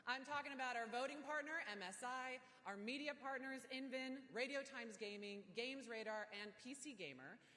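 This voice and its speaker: A woman's voice: sits high, moderate pace, few pauses, bright, forceful tone. A woman hosting a live awards show on stage, joking and teasing the crowd in a playful, self-mocking way. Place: large event hall stage. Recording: long reverb of a big event hall.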